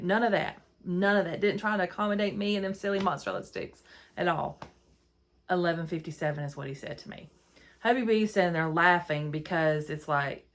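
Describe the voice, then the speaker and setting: A middle-aged woman, hosting a podcast and telling a rambling, exasperated story into her phone. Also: mid-range voice. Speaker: podcast host. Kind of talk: casual storytelling monologue.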